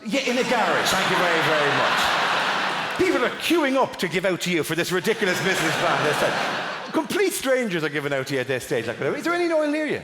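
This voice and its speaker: Fast-talking Irish comedian teasing a crowd. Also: male voice, sits high, sing-song, heavy background noise. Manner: rapid teasing banter, swearing. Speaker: stand-up comedian. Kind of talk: stand-up crowd work. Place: large theatre. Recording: echoey live theatre recording. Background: loud audience laughter.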